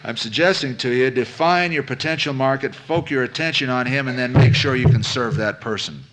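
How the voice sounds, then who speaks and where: A man's voice: medium pitch, a little fast, a bit bright, slight background noise. Guy teaching a business seminar, chatty and folksy, keeps quizzing the room and repeating himself. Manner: conversational, asks the audience questions, repeats phrases for emphasis; folksy, addresses listeners as folks. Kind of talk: live lecture to an audience.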